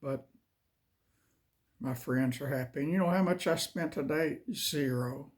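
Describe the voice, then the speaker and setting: A man reading scripture slowly and measuredly, then chatting casually as host. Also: mid-range voice. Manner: slow, measured delivery. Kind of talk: Bible reading and casual chat.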